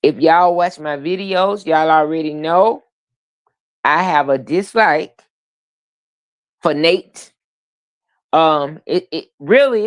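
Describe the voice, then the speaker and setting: A woman speaks her mind on a live stream without holding back. She talks very slowly and deliberately in a lowish voice. The sound is dry and close, with no room around it. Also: dry recording. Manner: unfiltered, outspoken, slow and deliberate. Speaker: livestream co-host. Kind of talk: casual live chat.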